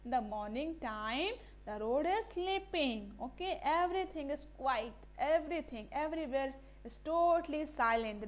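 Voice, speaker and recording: A woman teacher, giving a classroom lesson, asking the class questions and repeating key words, now and then slipping into Hindi. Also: high-pitched. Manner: mixes Hindi phrases into English.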